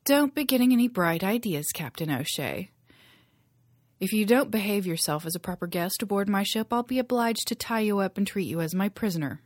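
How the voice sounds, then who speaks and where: A woman's voice: mid-range voice, expressive, brisk, dry recording, studio quality, voice pushed up, natural voice. A woman voicing a commanding pirate queen who barks orders at her crew.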